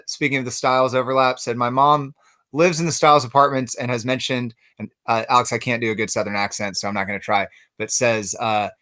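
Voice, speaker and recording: Bright, smooth-voiced man hosting. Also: medium pitch. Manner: friendly, relays viewer comments. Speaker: interview host. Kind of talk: hosted interview.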